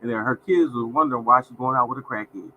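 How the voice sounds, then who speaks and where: A fast-talking man in his fifties with a mid-range voice hosts a casual livestream over narrow, tinny audio with slight background noise. His manner is folksy and repetitive, and he often addresses his viewers as "y'all."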